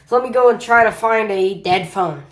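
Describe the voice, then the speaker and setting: A tech reviewer with a high, slightly bright voice talks at a moderate pace, with a little hiss or hum in the audio. He's casually reviewing a power bank on his channel, rambling through the tests and repeating "as you can see" over and over.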